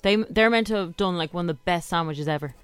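A woman's voice: lowish voice, quick pace, clean tone, dry recording, faint music behind. Bubbly young Irish woman co-host. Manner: chatty, bubbly, laughs often. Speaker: radio co-host. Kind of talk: casual radio chat. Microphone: studio mic.

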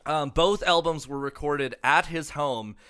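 A man's voice: a little high, measured pace, bright, forceful tone, smooth. A man co-hosting a casual comedy podcast, reading out a musician's history with lots of fillers and swearing. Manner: profane, filler-heavy storytelling. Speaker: podcast co-host.

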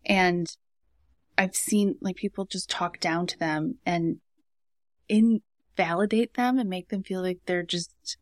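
A woman's voice: lowish voice, steady tone, slow, a little mellow, dry recording, clean studio sound. A woman with an Upper Midwest American accent hosting a podcast, reflecting conversationally on how society treats older people. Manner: reflective, backchannels often. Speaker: podcast host.

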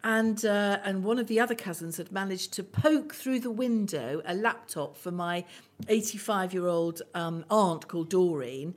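A woman's voice: medium pitch, moderate pace. A woman in casual chat, sympathetic and chatty, telling family anecdotes.

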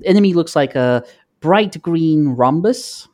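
A man co-hosting a podcast, explaining his picks in a measured, casual way. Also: a little high, lively intonation, mellow. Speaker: podcast co-host. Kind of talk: casual chat.

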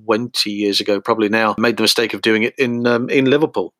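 A man's voice: on the low side, steady tone, fast talker, fairly bright tone, no room sound. Rambling male storyteller, dry sound. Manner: rambling, many fillers, acts out quotes. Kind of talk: casual anecdotal chat.

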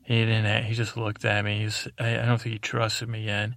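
A man hosting a podcast, telling a rambling improvised bedtime story in a meandering, deadpan way. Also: on the low side, normal speed, vocal fry, dry recording. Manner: meandering, deadpan, full of restarts. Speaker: podcast host.

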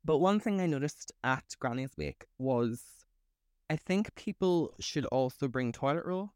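Male co-host, animated and foul-mouthed, very expressive pitch, dry studio mic. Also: unhurried, clean tone, dry recording. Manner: animated, swears freely, laughs often. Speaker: podcast co-host. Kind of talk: casual chat.

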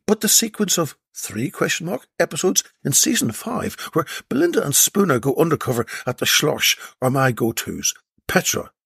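A man hosting a podcast, reading out listener comments one after another in a wry, lively way. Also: a little high, husky, dry recording, clean studio sound. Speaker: podcast host.

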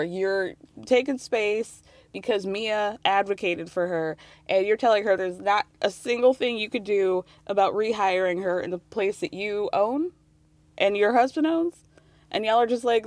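A woman's voice: fairly high pitch, animated, normal speed, a little mellow, no room sound. Chatty sarcastic woman recapping TV. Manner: chatty and sarcastic, laughs often, drifts in and out of quoting. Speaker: podcast host. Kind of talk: casual recap commentary.

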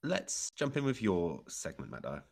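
Podcast co-host, very deep voice, swoops up and down a lot, playful teasing. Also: male voice, huge pitch swings, moderate pace, gravelly. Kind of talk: casual chat.

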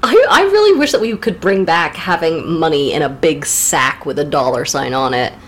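A woman's voice: deep voice, animated, moderate pace, fairly bright tone. A woman co-hosting a casual literature podcast, recapping the plot with playful, jokey asides. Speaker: podcast co-host.

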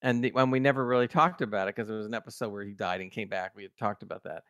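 A man co-hosting a podcast, chatting casually about a TV episode and retelling scenes with excited quoted reactions. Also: lowish voice, racing, dry recording, muffled recording. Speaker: podcast co-host. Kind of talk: casual TV review chat.

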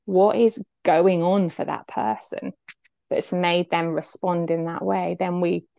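A woman's voice: on the low side, steady tone, takes it slowly, vocal fry, mellow, dry recording, highs cut off. A woman, telling a personal story as an interview guest, heartfelt and reflective.

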